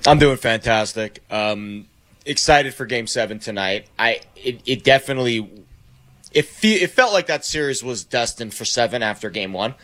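A man with a mid-range, bright voice talks sports on the radio. He is measured and analytical, working through his points. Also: mid-range voice, animated.

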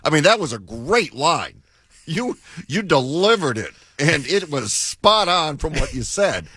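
A man's voice: fairly high pitch, very animated, unhurried, fairly bright tone, slightly rough, no room sound, studio quality. A man hosting a sports radio show, prompting his co-host with eager questions. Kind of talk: radio banter. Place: radio studio. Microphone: studio microphone.

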